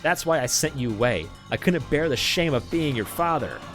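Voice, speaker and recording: A man voicing a bitter, jealous scientist father who shouts with contempt at his daughter, in a visual novel read aloud. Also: lowish voice, sing-song, normal speed, soft background music. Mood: raging.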